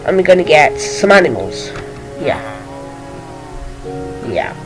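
A woman's voice: low-pitched, sing-song, takes it slowly, rough recording. A young woman hosting a Minecraft channel, chatting casually to a villager while she plays and now and then dropping into a whisper. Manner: chatty, talks to an in-game villager, sometimes drops to a whisper. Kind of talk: casual gameplay commentary. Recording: game music playing behind the voice.

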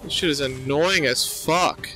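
A man's voice: a little high, a little slow, low-quality recording. A young man giving gameplay commentary, swearing constantly and ranting at the game in exasperation. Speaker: gameplay streamer. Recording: game music behind voice.

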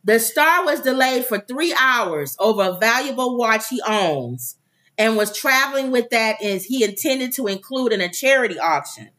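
A woman with a somewhat high voice reads celebrity news on a casual chat show. She breaks off to joke and banter with her co-host. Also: expressive, normal speed, fairly bright tone. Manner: reads stories then jokes and does impressions.

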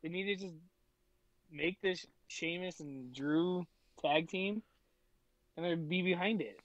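A man's voice: a little high, slow, no echo, highs cut off. A man co-hosting a podcast in casual, laid-back chat, laughing easily. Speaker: podcast co-host.

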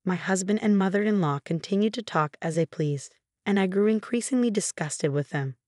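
A woman in her forties narrating her own story in an even, measured first-person reading. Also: mid-range voice, dry recording, clean studio sound. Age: 40s.

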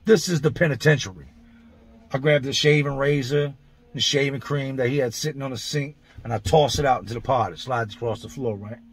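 A man's voice: mid-range voice, fairly quick, husky. A man telling a story from his past in a casual monologue, blunt, profane and full of street slang, describing events step by step. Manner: vivid, blow-by-blow retelling. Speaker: vlogger recounting prison experiences.

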